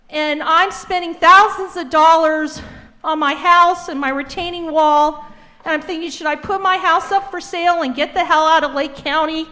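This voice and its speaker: A woman's voice: extremely high pitch, sharp tone. A woman giving an upset public comment at a town meeting, telling her story with nervous laughs.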